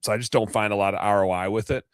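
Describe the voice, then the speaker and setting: A man's voice: on the low side, fairly even intonation, very fast, clear, resonant tone, no room sound, clean studio sound. A man in a casual podcast chat, talking in a laid-back way and dropping brief agreeing replies. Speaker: podcast host.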